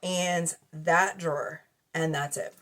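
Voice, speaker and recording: A woman's voice: low voice, fairly even intonation, takes it slowly, fairly bright tone. A woman with children doing a casual tarot reading to camera at home, blunt and profane, laughing often. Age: adult with children. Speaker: tarot reader. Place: cluttered bedroom at home. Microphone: camera mic.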